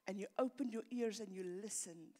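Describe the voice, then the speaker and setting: A woman's voice: medium pitch, a little fast, darkish tone. A middle-aged woman pastor, preaching an earnest sermon that builds in intensity and often repeats words. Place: church hall. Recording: long reverb of a church hall.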